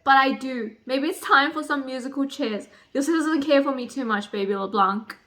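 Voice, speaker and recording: A woman reads a blunt, teasing young man who swears freely and pushes his point hard. The voice stays fairly high, a bit lower than her own chatter, as she reads the lines straight from the book. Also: moderate pace, echoey room, a little hiss or hum. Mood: cocky. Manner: read aloud from a novel, slightly lower and flatter than her chatter.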